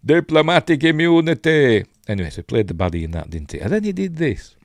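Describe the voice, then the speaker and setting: Very fast and gravelly, a low, dark male voice swoops wildly in pitch as this Yorkshire film reviewer rambles through his breakdown, full of ums and forgotten asides. It's a studio-quality recording with no room sound.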